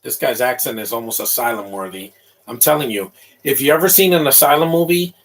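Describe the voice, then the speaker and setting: A man's voice: medium pitch, fairly bright tone, rough recording. A man in his thirties giving casual, opinionated live commentary over a movie, rambling with frequent restarts.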